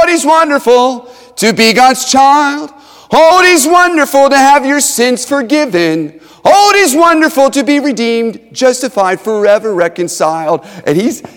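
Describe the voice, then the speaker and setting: A man in his thirties preaching a sermon, swinging from near shouts to soft, hushed pleading. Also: high-pitched. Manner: impassioned, rising to near shouts then dropping soft and hushed. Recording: reverberant hall.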